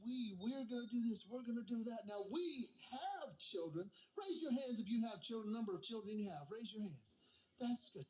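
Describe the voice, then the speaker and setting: A man's voice: high voice, a little mellow, reverberant, a little hiss or hum, low-quality recording. A man in his forties doing a stand-up comedy set, telling family stories, acting out the voices in them and talking to the audience. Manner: storytelling, acts out quoted voices, talks to audience. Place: stage before a live audience.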